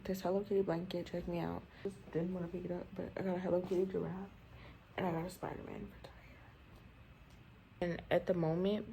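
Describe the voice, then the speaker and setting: A woman's voice: lowish voice, flat delivery, fairly quick, gravelly, background noise. A nineteen-year-old woman and new mother, chatting casually and candidly on her vlog in rambling, slangy talk at home. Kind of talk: casual chat.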